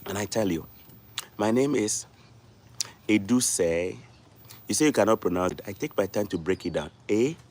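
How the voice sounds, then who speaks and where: A man's voice: fairly low pitch, expressive, moderate pace, pauses often, a little mellow, a little hiss or hum. A man, hosting a casual livestream and lecturing his viewers, repeating words for stress. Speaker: livestream host.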